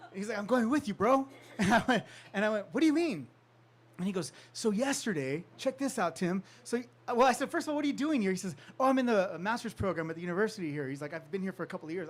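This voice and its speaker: A man with a high voice tells a story to a live audience. He is animated and laughs often, and he jumps into the voices of the people he quotes. He grew up in California. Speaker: author giving a talk.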